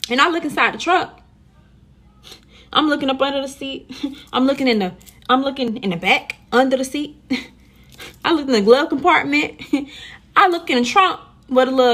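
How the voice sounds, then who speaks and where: A young woman in casual storytime chat, animated and slangy, talking straight to her viewers. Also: high voice, moderate pace, pauses often.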